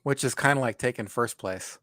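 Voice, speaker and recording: A man co-hosting a live stream, self-deprecating and quick to answer with short agreeing replies. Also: mid-range voice, bright, forceful tone, dry recording, studio quality. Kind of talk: casual live-stream chat.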